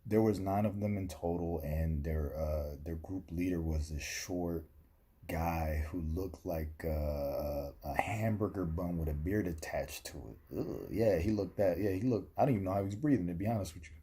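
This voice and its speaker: Young man, dry comic storyteller, deep and husky, casual vlog feel. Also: moderate pace, warm tone. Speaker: vlogger.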